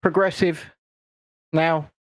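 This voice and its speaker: A man playing a grandiose, self-important male internet guru who talks about himself in the third person, deadpan, over a video call. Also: fairly high pitch, takes it slowly, no echo. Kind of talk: comedic livestream chat.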